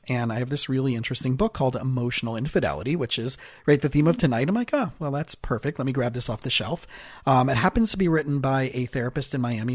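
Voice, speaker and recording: A man hosting a podcast as a marriage and family therapist, talking in a casual, animated way with frequent restarts and fillers. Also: mid-range voice, no room sound, studio quality.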